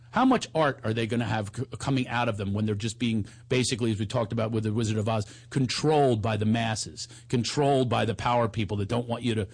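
A man in his forties, a comedian, telling animated stories in a casual chat and sometimes breaking into theatrical singing. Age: 40s. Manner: animated storyteller, bursts into high theatrical singing.

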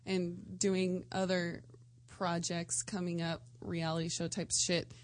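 A woman co-hosting a talk show, chatting casually with quick, jokey banter. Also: lowish voice, little pitch movement. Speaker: co-host. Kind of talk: casual explicit chat.

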